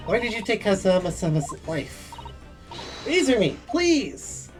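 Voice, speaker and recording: A man's voice: high-pitched, big pitch swings, normal speed, darkish tone. A man voicing a distraught young woman who speaks formally and pleads. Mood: pleading. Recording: game music behind.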